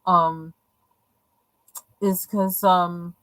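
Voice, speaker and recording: Her voice sits on the low side with a level tone, a bit of brightness, and drawn-out words. She hosts a live coloring stream, making casual, hesitant, filler-heavy small talk. No echo is present, but the audio is poor.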